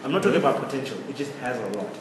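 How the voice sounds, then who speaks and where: Co-host in his twenties from South Africa, opinionated and animated, recorded from far off in an echoey room with background noise. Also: medium pitch, racing. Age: 20s. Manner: opinionated, animated, laughs often. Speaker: podcast co-host. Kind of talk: casual chat.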